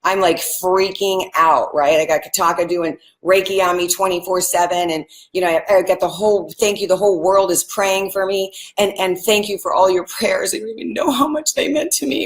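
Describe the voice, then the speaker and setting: A woman giving a live spiritual talk, speaking earnestly and straight to her viewers and repeating phrases like mantras. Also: mid-range voice. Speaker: spiritual teacher. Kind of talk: live-streamed motivational teaching.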